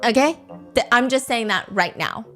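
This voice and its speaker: A woman's voice: on the high side, animated, normal speed, bright, forceful tone, soft background music. A woman voicing a furious young influencer ranting on a livestream, cursing and sarcastic.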